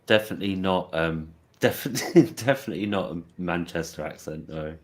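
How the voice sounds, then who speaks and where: An English man with a West Yorkshire accent, soft-spoken and articulate, chatting casually on a panel and often putting himself down. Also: sits low, a little fast. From England. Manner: rambling and self-deprecating, with frequent fillers. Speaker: panel guest.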